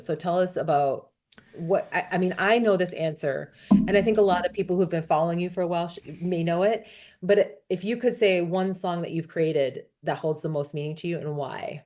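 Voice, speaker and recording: A woman's voice: on the low side, fairly quick, darkish tone. A middle-aged woman interviewing her son, asking chatty, loosely phrased questions. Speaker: interviewer, the host's mother. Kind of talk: casual interview.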